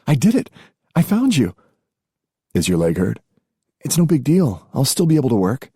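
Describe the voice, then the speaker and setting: A man's voice: mid-range voice, big pitch swings, fairly quick, mellow, husky, dry recording, studio quality, pitched above the performer's own voice. A man voicing a spirited young tiger princess in an audiobook, playful and eager. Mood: excited. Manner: teasing, eager. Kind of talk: audiobook character voice.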